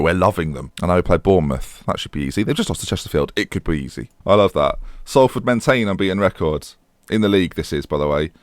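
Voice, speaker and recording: A young man commenting on his own football management game, chatty and self-mocking, excitable when the match heats up. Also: on the low side, no room sound, clean studio sound. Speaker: gaming YouTuber.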